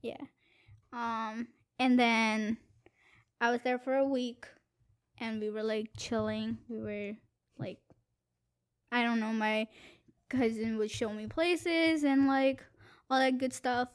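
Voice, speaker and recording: A woman's voice: a little high, fairly even intonation, takes it slowly, long pauses, clean tone. A young woman who is not a native English speaker, telling stories with many fillers and restarts in casual podcast chat. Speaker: podcast guest. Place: small studio booth.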